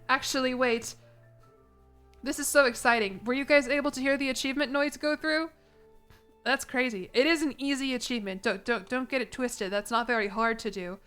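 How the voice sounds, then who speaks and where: A young woman streaming a game, cursing freely and joking at her own expense. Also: on the high side. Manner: profane, self-mocking, excitable. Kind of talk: casual gameplay commentary.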